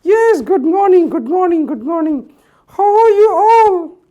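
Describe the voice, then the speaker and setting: A woman voicing Mickey, a cheery, chatty male puppet in a children's puppet show, squeaky and sing-song. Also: lively intonation, a little slow, dark tone, dull audio. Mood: cheerful.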